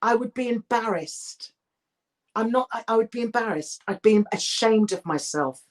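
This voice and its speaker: A middle-aged woman, an actress, talking candidly in an interview, emphatic and animated, with frequent restarts. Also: on the high side, moderate pace.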